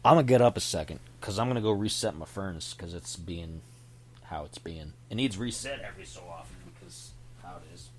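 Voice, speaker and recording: A man's voice: low voice, a little fast, a little hiss or hum. A man hosting a podcast, rambling chattily about things he remembers and often interrupting himself. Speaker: podcast host. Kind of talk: casual rambling monologue. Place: indoors at home.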